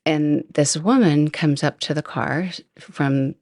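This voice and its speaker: A woman's voice: low-pitched, slow, darkish tone, dry recording, studio quality. A woman hosting a podcast, telling a personal story in a chatty, self-deprecating way. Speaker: podcast host. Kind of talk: storytelling monologue.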